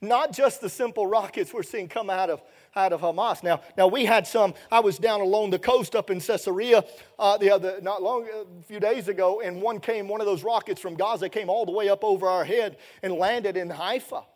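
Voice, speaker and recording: A middle-aged man preaching a sermon as an evangelist, folksy and colloquial, his voice rising loud and then dropping low. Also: moderate pace.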